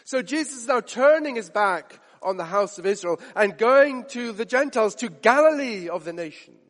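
Male preacher, high voice, emphatic and repetitive, long hall reverb. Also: lively intonation, moderate pace, a bit bright. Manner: emphatic, builds stakes with repetition and rhetorical questions. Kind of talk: sermon.

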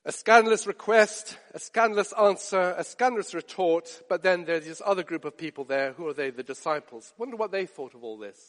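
A man preaching a sermon, animated and often putting questions straight to his listeners. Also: high voice, fairly quick, hardly any pauses. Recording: long hall reverb.

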